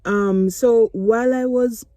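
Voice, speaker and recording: A woman's voice: fairly high pitch, fairly even intonation, takes it slowly, dark tone, dry recording, clean studio sound. A young Jamaican woman telling a storytime vlog from her parked car, chatty and emotional, slipping into patois. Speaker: mother vlogging.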